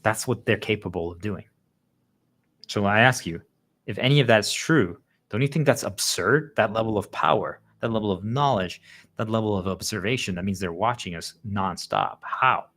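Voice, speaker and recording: Low-voiced man rambling to viewers. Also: normal speed. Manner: rambling, heavy use of "like" fillers; animated, acts out quoted voices. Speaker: channel host. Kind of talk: casual monologue to viewers.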